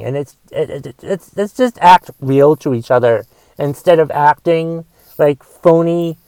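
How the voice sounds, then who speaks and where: A man's voice: a little high, darkish tone, clean tone, no echo, low-quality recording. Profane, stammering man ranting on his podcast. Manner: profane, repetitive, frequent restarts. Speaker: podcast host. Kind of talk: casual monologue rant.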